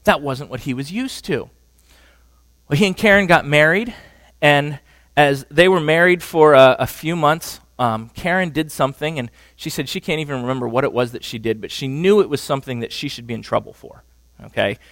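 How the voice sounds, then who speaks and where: A man's voice: on the high side, normal speed, fairly bright tone, no room sound. A man giving a conversational sermon on marriage, often checking in with the audience. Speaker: preacher teaching on marriage.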